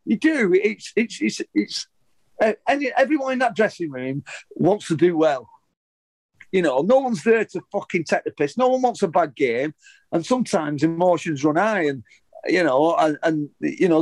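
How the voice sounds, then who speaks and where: Man, middle-aged, ex-pro footballer, swears a lot, somewhat high voice, dry close sound. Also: darkish tone, no room sound, poor audio. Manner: heated, sweary, rambling with many restarts. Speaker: former professional footballer. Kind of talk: candid interview storytelling.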